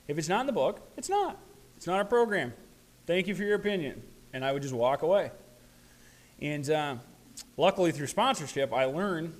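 Man, meeting share, candid, halting restarts, voice a touch high. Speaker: recovery meeting speaker. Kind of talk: personal sharing talk.

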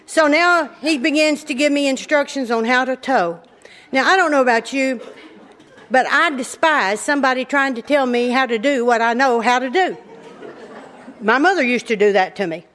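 High-voiced woman telling a tale. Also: moderate pace, a faint crowd. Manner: lively, laughs often, drawling folksy delivery. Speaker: speaker telling her life story. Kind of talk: humorous personal storytelling to an audience.

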